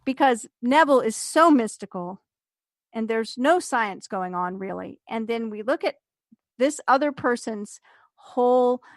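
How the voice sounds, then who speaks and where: A woman with a high voice chats casually on a podcast and retells a story with lively energy. She acts out the people in it and laughs along. Her voice is close and dry, with no room sound. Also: unhurried, no room sound. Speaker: podcast co-host.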